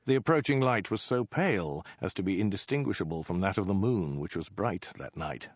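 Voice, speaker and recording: Low-voiced man narrating a comic story. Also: animated, a little fast, no room sound, highs cut off.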